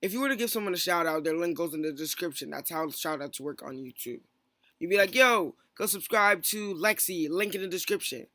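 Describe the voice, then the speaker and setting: A young man telling a long, rambling storytime about an online feud. He keeps restarting and slips into quick quoted bursts of what others said. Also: a little high, expressive, sharp tone. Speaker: stream moderator. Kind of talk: casual storytime rant.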